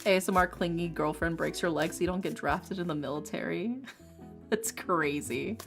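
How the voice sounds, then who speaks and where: A woman streamer and ASMR creator chatting casually with her viewers, animated and opinionated, laughing often. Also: on the low side, normal speed. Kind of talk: casual chat on a livestream. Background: faint lofi music.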